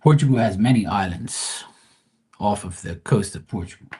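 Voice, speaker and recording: Low-voiced Bermudian man chatting live. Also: moderate pace, mellow, breathy edge, poor audio. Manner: rambling, chatty, swears casually. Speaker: live tarot streamer. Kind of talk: casual live-stream chat.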